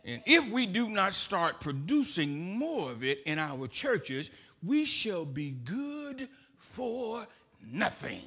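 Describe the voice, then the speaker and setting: A male pastor delivering a sermon with a high, very bright voice. He speaks slowly and deliberately, with wide pitch swings. His delivery rises from hushed phrases to shouted emphasis. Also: very animated, gravelly. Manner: builds to shouted emphatic preaching. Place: church.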